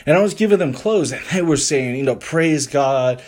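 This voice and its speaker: A man's voice: a little high, quick pace, husky. A young man with a Southern American accent, telling his faith story casually on a podcast and acting out his past thoughts. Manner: animated storyteller, acts out his past thoughts, laughs easily. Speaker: podcast co-host sharing testimony. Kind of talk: casual conversational testimony.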